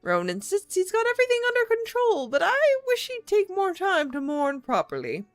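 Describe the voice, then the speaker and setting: A woman voicing a frail, kindly old man with a gentle, slightly trembling manner in a game reading. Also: extremely high pitch, wildly swooping pitch, fairly quick, dry recording, voice pushed up, heavily acted.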